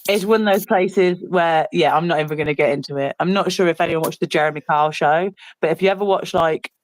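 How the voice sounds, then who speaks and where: A woman's voice: sits low, fast, low-quality recording. An Englishwoman co-hosting a casual livestream chat, rambling, interrupting herself and apologizing as she goes. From England. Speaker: co-host.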